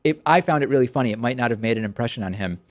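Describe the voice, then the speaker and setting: A male talk show host answers viewer questions in a relaxed, chatty way. His voice sits at a middle pitch, and he tells stories with lively restarts. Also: racing. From Massachusetts. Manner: conversational, animated storytelling with frequent restarts.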